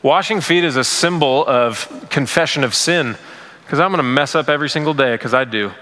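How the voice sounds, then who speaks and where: A man's voice: mid-range voice, brisk, pushed and bright, long reverb tail. A man preaching a sermon in a casual, conversational way, full of fillers. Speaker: pastor.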